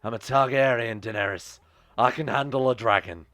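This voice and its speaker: A man voicing a hapless young exiled lord in a flat, sheepish mumble during a game playthrough. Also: mid-range voice, normal speed, lightly acted.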